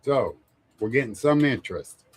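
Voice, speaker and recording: A man's voice: mid-range voice, lively intonation, moderate pace, breathy edge. A man hosting a casual live stream, rambling, chuckling often and greeting viewers by name. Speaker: livestream host.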